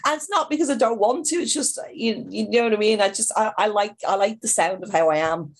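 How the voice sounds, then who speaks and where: A middle-aged woman with a Dublin Irish accent, touched by Liverpool, chatting as an interview guest and telling lively anecdotes with many restarts. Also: fairly high pitch, quick pace. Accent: Dublin Irish with a Liverpool tinge. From born in England, raised in Dublin. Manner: animated, acts out voices in her anecdotes, frequent restarts. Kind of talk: conversational storytelling.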